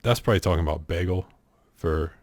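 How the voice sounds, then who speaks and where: Sarcastic South Carolina man, low voice. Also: quick pace, a little mellow, no room sound. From southern United States. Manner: dry, sarcastic and exasperated. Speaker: streamer. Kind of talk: casual accent-tag challenge, reading questions aloud.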